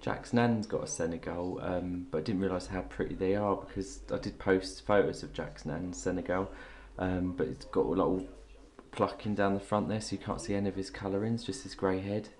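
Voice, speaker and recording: A woman filming her parrot at home, cooing to it in a sing-song baby-talk voice that jumps high, then chatting plainly to the camera. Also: steady tone, brisk, a little mellow. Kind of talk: casual home video chat. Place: at home beside a bird cage.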